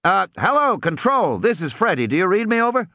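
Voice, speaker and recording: A man voicing a gruff boat captain who drawls impatiently over a radio in an audiobook. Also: high-pitched, big pitch swings, fairly quick, sharp tone, no echo, studio quality, voice pushed up, full character voice. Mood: calling.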